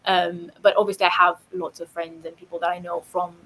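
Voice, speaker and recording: A woman's voice: on the low side, level tone, a little fast, fairly bright tone, low-quality recording. A young woman chatting casually as a podcast guest, with lots of "like" fillers. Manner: chatty, full of fillers like "like", laughs easily. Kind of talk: casual chat.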